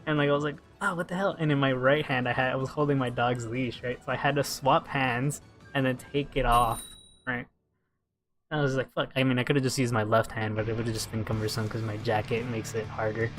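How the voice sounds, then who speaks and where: Faint music plays behind a young man who chats casually mid-game, rambling through a story and cursing freely into his headset microphone. This gaming streamer's voice is medium-pitched and slightly bright, with a flat, brisk delivery.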